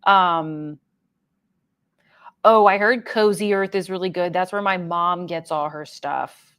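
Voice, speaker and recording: A woman's voice: mid-range voice, fairly bright tone. Chatty woman reading live comments. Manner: chatty, reads viewer comments aloud, frequent fillers and laughs. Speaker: livestream host. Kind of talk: casual livestream chat reading comments.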